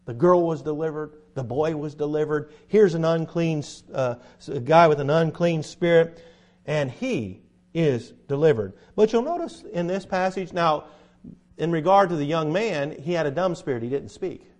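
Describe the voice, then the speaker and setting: A middle-aged man teaching a Bible lesson in sermon style, emphatic, with sudden loud bursts for stress. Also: a little high, lively intonation, normal speed.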